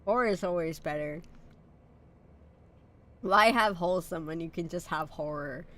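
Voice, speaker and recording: A woman's voice: lowish voice, moderate pace, pushed and bright. A sick woman streamer with a sore throat and a nasal voice, chatting casually and swearing as she plays a horror game.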